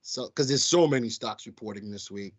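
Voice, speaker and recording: A man's voice: on the low side, a little fast, breathy edge, lo-fi sound. A man with a Southern accent hosting a live stock market show, talking casually to viewers he calls folks. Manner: chatty, addresses viewers as folks. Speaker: stock market livestream host. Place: studio.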